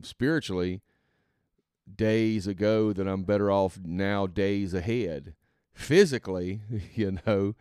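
A man with a low, resonant voice talks through his thoughts in a soft-spoken, meandering way, pausing and restarting as he goes. The sound is close and dry, with no room around it. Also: clear, resonant tone, dry recording. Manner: rambling and halting, thinks aloud. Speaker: podcast host and father. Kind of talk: reflective faith podcast monologue.

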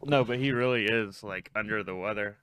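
A man's voice: lowish voice, brisk, a bit bright, smooth, no echo. A man hosting a podcast in casual chat, laid-back and teasing his co-host, laughing easily.

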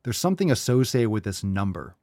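A podcast host, a man with a fairly low voice, talks through a caller's problem in a blunt, rambling way. He sounds direct and coaching. The recording is dry and close. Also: sing-song, a little fast, darkish tone, no room sound. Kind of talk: casual advice talk.

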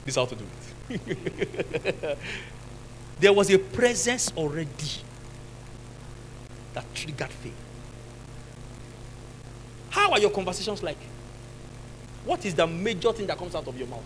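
A man with a Nigerian accent preaching a sermon as pastor, now and then shouting and laughing with the congregation. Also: sits high, expressive, measured pace, pauses often, a little hiss or hum, low-quality recording.

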